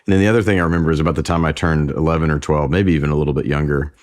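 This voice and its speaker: A singer-songwriter in his forties, with a very deep, low voice, is the guest on an interview show. He tells family stories in a relaxed, conversational, rapid-fire manner, sometimes restarting his sentences.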